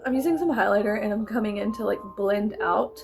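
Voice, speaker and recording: A woman in her thirties chatting casually while doing her makeup, animated and laughing, swearing freely as she tells stories. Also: mid-range voice, brisk, gravelly. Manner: animated, swearing, giggly storyteller. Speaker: vlogger. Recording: music playing behind.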